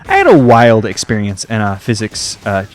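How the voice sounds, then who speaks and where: A man's voice: lowish voice, normal speed, soft background music. A young American man giving casual, rambling commentary over a video game, full of fillers and side stories. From United States. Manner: rambling, tangent-prone, heavy on fillers. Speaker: let's play host.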